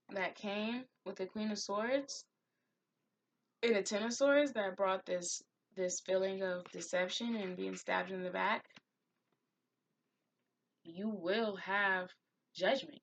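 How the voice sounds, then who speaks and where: A woman's voice: mid-range voice, steady tone, takes it slowly, pauses often, a bit bright, a little hiss or hum. A woman giving a spiritual tarot reading, heartfelt and encouraging, who admits to getting emotional. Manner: gets emotional. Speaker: tarot reader.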